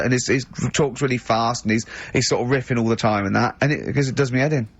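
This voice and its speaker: A man hosting a radio show, telling an animated story in casual chat and laughing often. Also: mid-range voice, fast, hardly any pauses, breathy edge. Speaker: radio host. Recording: dull lo-fi radio recording.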